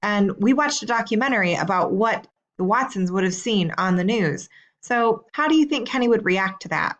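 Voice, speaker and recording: Woman teacher, medium pitch, reads assignment questions slowly and clearly. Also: lively intonation, fairly bright tone, highs cut off. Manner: slow, clear and deliberate. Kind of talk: recorded assignment instructions.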